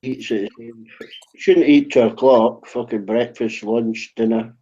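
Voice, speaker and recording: A blunt, casually swearing man, chatting in a relaxed way. His voice is mellow and dark, and the recording sounds dull and lo-fi. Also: medium pitch, measured pace, slightly rough. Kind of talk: casual chat.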